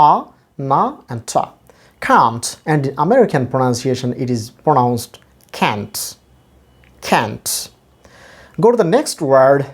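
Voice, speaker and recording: A man teaching English pronunciation, repeating each word slowly and mixing Bangla and English. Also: mid-range voice. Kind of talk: pronunciation lesson.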